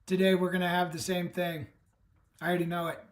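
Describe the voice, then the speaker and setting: A man's voice: high-pitched, little pitch movement, brisk. A man hosting a live online summit, talking with emphatic, enthusiastic encouragement over a video call. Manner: enthusiastic, emphatic pep talk. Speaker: summit host. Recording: echoey room, distant from the mic.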